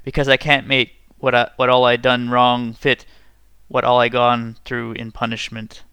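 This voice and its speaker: Brief: man voicing grim convict, flat delivery, crisp resonant tone, story reading. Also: mid-range voice, moderate pace, no room sound. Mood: brooding. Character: menacing male escaped convict, brooding.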